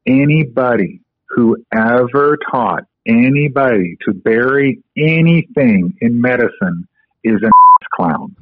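A man's voice: medium pitch, animated, takes it slowly, dry recording. A man guest on a podcast interview, casually explaining a medical technique with frequent fillers. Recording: tinny phone-line audio, dry.

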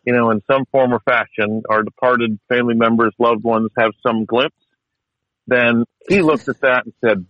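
A man's voice: mid-range voice, fairly even intonation, moderate pace, a bit bright, no echo, muffled recording. A man telling stories in a casual chat, wry and chatty, with many restarts and fillers.

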